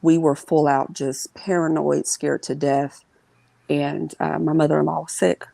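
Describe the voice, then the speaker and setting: A woman with a low, gravelly voice tells a painful family story as an interview guest. She speaks earnestly, pausing and restarting, and sometimes breaks into the voices of the people she quotes. Her tone is dark and mellow, and the recording is close and dry. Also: level tone, no echo, low-quality recording. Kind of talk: emotional personal storytelling.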